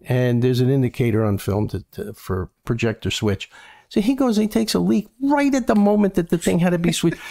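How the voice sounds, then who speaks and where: An older man, the host's father, telling a story from his high school days in an animated way, jumping up in pitch when he quotes people. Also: gravelly. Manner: animated, acts out quotes in a raised voice. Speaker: guest storyteller. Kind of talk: casual storytelling.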